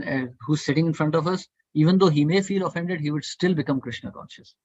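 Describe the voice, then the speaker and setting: Teaching a devotional scripture study, this man is earnest and provocative, circling back to the same points again and again to push his listeners to reflect. His voice is husky and a touch high, and the dry, muffled recording sounds like it came through an online call.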